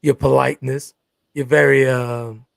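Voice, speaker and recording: A man's voice: mid-range voice, flat delivery, measured pace, creaky, no echo, clean studio sound. A man co-hosting a live talk show about relationships, talking emphatically and often repeating "exactly" and "good stuff".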